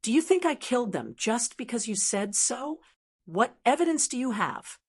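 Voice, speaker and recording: A woman's voice: a little high, very animated, normal speed, breathy edge, heavily acted. A woman reading a sneering, spiteful male elder. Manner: sneering, scoffing.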